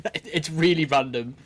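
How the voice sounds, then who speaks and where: A man's voice: lowish voice, no room sound. A man commentating a card game match in a loose, rambling way, full of restarts. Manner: rambling, lots of fillers and restarts. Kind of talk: casual play-by-play commentary.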